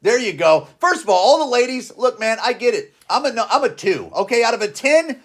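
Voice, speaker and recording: A man's voice: extremely high pitch, very animated, brisk, a bit bright. A man in his forties hosting a podcast, ranting bluntly in casual slang and repeating his points. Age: 40s. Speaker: podcast host. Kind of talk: casual opinion rant.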